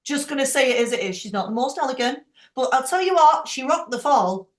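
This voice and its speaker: A woman leading a group call, chatty and frank, quick to laugh. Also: high voice, lively intonation, reverberant. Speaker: team leader hosting a group call. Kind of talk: casual chat.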